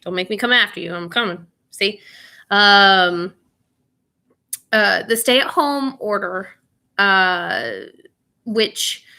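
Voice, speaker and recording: A woman's voice: medium pitch, takes it slowly, pauses often, bright, forceful tone. A woman teaching a live online class, chatty and informal, often stopping to ask "right?" and using a lot of fillers.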